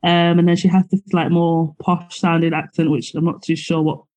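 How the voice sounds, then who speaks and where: A woman chatting casually on a podcast, laughing often and filling pauses. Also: lowish voice, level tone, dark tone. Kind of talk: casual chat.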